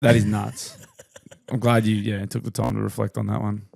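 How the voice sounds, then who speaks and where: A man's voice: lowish voice, level tone, normal speed, vocal fry, a little mellow. A man co-hosting a podcast who chats casually, swears freely and laughs easily. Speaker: podcast co-host. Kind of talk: casual chat.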